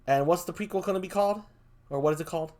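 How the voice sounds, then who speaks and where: Talkative guy hosting a stream show, kinda higher voice, upbeat, chatting w/ viewers. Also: racing, darkish tone. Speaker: show host. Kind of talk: casual livestream chat.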